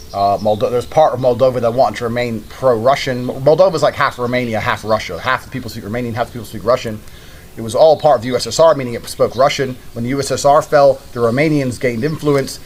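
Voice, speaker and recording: A man's voice: medium pitch, a little hiss or hum. A man telling a story in a blunt, casual way, with heavy swearing.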